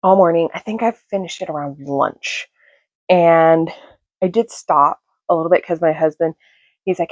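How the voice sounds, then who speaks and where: A woman's voice: lowish voice, normal speed, darkish tone, no room sound. A woman in her thirties, a book vlogger, chatting casually and gushing with many fillers, at first whispering so as not to wake her household. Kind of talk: casual chat.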